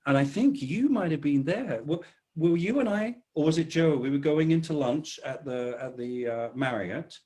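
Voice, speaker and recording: A man, a guest drummer telling stories in a casual video-call interview, his sentences trailing off softly. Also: fairly high pitch, lively intonation, normal speed. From England.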